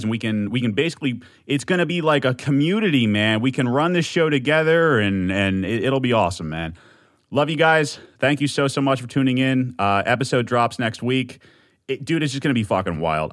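A young man hosting his own podcast, rambling and swearing in a manic, excitable way as he pitches the show. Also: no echo, studio quality. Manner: manic, rambling, swearing, bursts of shouting and laughter. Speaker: podcast host. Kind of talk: casual solo podcast teaser.

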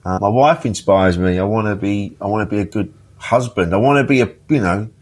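A man's voice: fairly low pitch, brisk, husky. A man, a podcast guest telling funny stories in casual chat, laughing often and swearing freely. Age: 50s. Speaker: interview guest.

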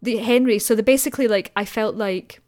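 A woman's voice: fairly high pitch, fairly quick, a little mellow. A Scottish woman talking casually as a podcast guest. She rambles a little, circling back and restarting her sentences. She laughs easily as she goes. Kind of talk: casual chat.

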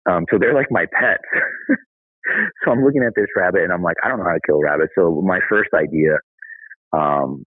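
A man's voice: low voice, brisk, long pauses, breathy edge, dry recording. A man telling a story as a podcast guest in a candid, conversational way. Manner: candid, conversational, says "dude". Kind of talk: casual storytelling. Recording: thin phone-like line.

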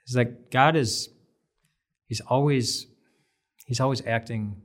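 A man's voice: mid-range voice, takes it slowly, pauses often. A man giving an earnest, conversational devotional Bible talk, repeating phrases for emphasis. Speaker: devotional speaker.

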